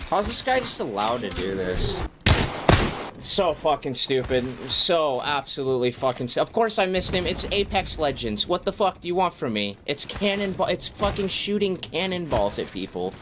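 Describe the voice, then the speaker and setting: A man's voice: on the high side, big pitch swings, normal speed, background noise. A man streaming a game, ranting angrily with exasperated, swearing outbursts. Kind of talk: angry gameplay ranting.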